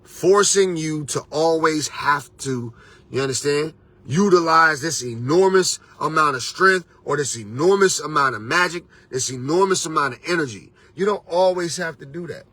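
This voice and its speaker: A man's voice: on the high side, sharp tone, husky. A man hosting a motivational talk as a life coach, preachy and casual, with street slang and repeated "you understand".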